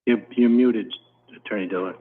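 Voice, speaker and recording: A man's voice: on the low side, steady tone, normal speed. A man serving as judge, questioning attorneys firmly and directly. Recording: tinny video-call audio.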